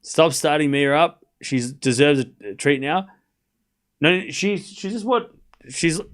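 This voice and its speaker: A high, bright-voiced man streams live tennis commentary, calling out the score and chatting with his viewers. His voice swings widely in pitch, and he gets excitable and loud at the big points. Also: unhurried.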